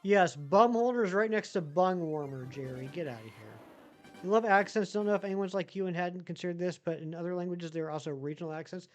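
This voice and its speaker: A live streamer with a general American accent reads chat messages aloud in a casual way and answers them at length. The voice is medium in pitch and moves fairly quickly.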